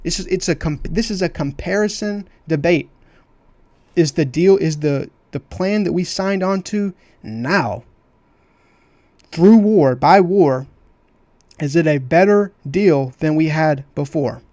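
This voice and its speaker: A man's voice: on the high side, animated, slow, warm tone, no echo. A man commenting on a clip of his own debate, talking emphatically and repeating phrases for stress. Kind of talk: heated commentary over a clip.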